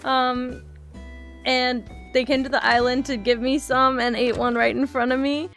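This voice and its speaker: A woman streaming from home chats casually with her viewers. Her voice sits a bit high, and she laughs and apologizes often between thoughts. Soft music plays faintly in the background. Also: flat delivery, a little slow. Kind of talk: casual chat.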